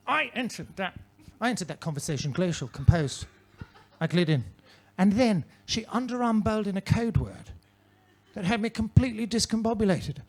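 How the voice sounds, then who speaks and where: A man's voice: high voice, lively intonation, a little fast. A male stand-up comedian performing in a comedy club with a mannered, theatrical, droll delivery into a handheld mic.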